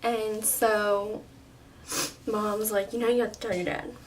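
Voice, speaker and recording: A young woman vlogger telling a personal story in a casual, chatty way, full of "like" and quick laughs. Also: medium pitch, little pitch movement. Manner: chatty, lots of "like", laughs often. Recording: slightly distant, faint room noise.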